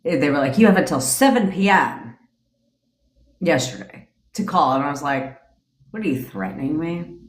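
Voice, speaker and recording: Forties woman ranting on a live, low-ish voice, cussing a lot and laughing, echoey room. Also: expressive, moderate pace, pauses often. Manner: profane, blunt and laughing. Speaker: manifestation coach. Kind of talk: casual storytelling rant on a livestream. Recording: roomy echo.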